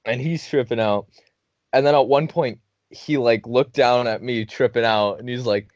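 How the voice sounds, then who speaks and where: A man's voice: medium pitch, moderate pace, no room sound, dull audio. A young man hosting a podcast, telling a funny story casually, cursing often and laughing as he goes. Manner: laughing, profane, animated storytelling. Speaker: podcast host.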